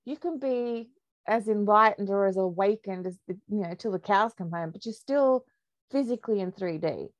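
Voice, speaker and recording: A woman's voice: medium pitch, moderate pace, no echo, lo-fi sound. Candid woman telling stories. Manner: candid, lively storyteller who laughs often. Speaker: podcast guest. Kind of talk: casual storytelling interview.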